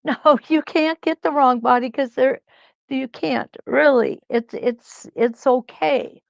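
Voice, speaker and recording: A woman hosting a live quilt-along, talking slowly and reassuringly as she thinks aloud through each stitching step. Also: sits high, gravelly, a little mellow, no echo, dull audio. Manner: slow, reassuring, thinks aloud while sewing.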